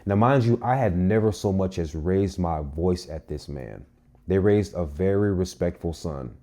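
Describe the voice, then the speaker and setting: A young male vlogger with a low, warm, mellow voice tells a personal story directly to camera at an unhurried pace. He's casual and animated, hitting key lines hard and cursing plenty, like an everyday vlog monologue.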